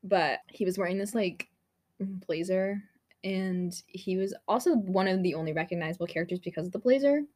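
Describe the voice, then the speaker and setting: A woman's voice: medium pitch, moderate pace, a little mellow. A young woman chatting casually about a movie, full of fillers and laughter, acting out lines she quotes. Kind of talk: casual movie review chat.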